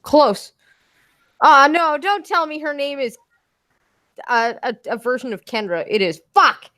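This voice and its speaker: Brief: woman host of a casual live-stream chat, higher voice, dry and sarcastic, swears freely. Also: unhurried, sharp tone. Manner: dry, sarcastic-sounding delivery with frequent swearing. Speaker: podcast host.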